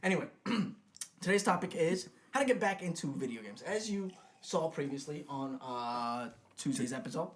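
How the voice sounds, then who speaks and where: A man with a fairly high voice hosts a relaxed gaming chat. He opens the show with upbeat energy. He trips over a phrase and laughs it off. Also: moderate pace. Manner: upbeat show opener, stumbles over words. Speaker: podcast host. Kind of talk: casual chat.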